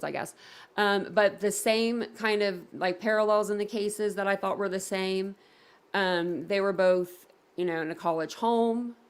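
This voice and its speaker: Gravelly-voiced woman chatting casually. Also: medium pitch. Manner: rambling, many fillers, reads comments aloud. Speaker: livestream host reading chat. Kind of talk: casual livestream chat.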